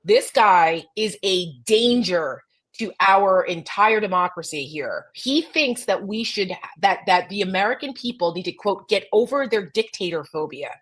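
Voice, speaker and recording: Woman co-host, blunt and profane, mid-pitched, animated delivery on a video call. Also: unhurried, low-quality recording. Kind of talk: casual political chat.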